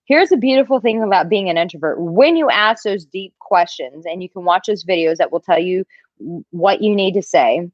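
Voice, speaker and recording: A woman's voice: on the low side, normal speed, no room sound, highs cut off. Chatty woman dating coach on a livestream. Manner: animated, chatty, reads viewer comments aloud. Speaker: dating coach answering live chat questions. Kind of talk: casual livestream Q&A.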